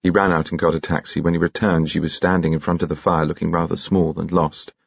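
Deep, gravelly male audiobook narrator. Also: little pitch movement, fast, no echo, highs cut off. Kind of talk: scripted narration.

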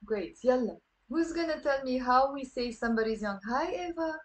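A woman with a Lebanese accent teaching a live online language class, lively and encouraging, mixing English with Arabic. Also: high voice, moderate pace.

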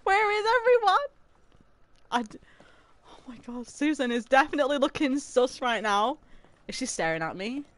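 A young adult woman streaming a video game in casual chat, excitable and dramatic, often gasping and laughing. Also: high-pitched, moderate pace, pauses often, dry recording.

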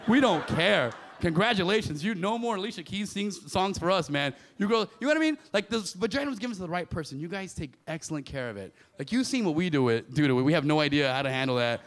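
A man's voice: high voice, lively intonation, fast talker, few pauses. A man doing a loose, profane stand-up set on a club stage, often laughing at his own jokes. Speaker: stand-up comedian. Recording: live club with audience.

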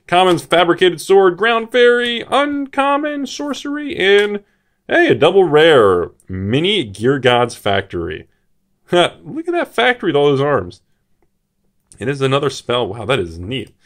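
A man hosting a card-collecting channel, talking excitedly to his viewers as he opens a booster box and reacts to each card. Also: fairly high pitch, a little slow. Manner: excitable, full of exclamations; chatty, addresses viewers directly. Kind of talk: booster box opening commentary.

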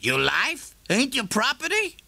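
A man voicing a wry, streetwise man who talks in a sly, slow drawl. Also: extremely high pitch, wildly swooping pitch, gravelly, bright, forceful tone, no room sound, pitched above the performer's own voice, exaggerated voice. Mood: incredulous.

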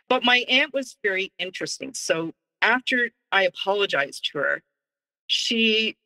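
A woman guest in an interview, telling a personal story in a lively way and acting out what others said. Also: deep voice, low-quality recording. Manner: animated, acts out quoted dialogue.

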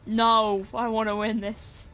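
A woman's voice: a little high, slow pace, slight background noise. Chatty woman narrating her own gameplay. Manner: chatty, excitable, talks to teammates while playing. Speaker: gaming channel host. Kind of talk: casual gameplay commentary.

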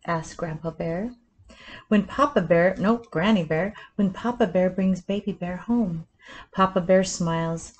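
A woman reading a picture book aloud at storytime, in a slow, soothing bedtime manner. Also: fairly low pitch, a little mellow, a little hiss or hum. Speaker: storytime reader.

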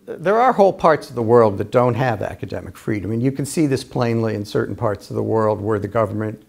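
A male history professor as an interview guest, explaining ideas in a measured, lecturing way, laying out arguments point by point. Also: mid-range voice, gravelly, darkish tone. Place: UMass Amherst.

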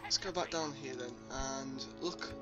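A young man hosting a let's play comments casually on his gameplay, rambling and filling his speech with ums and uhs. His medium-pitched voice is unhurried, the audio sounds dull, and game music plays underneath.

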